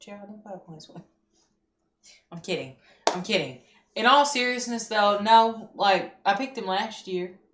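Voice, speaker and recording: A woman co-hosting a podcast with animated, joking banter. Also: medium pitch, unhurried. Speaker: podcast co-host. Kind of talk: casual wrestling chat. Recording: echoey room with faint noise.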